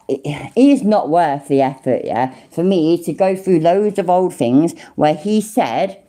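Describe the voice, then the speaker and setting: A woman's voice: deep voice, warm tone. A woman with an English Midlands accent, doing rambling, sarcastic, sweary livestream commentary. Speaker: streamer.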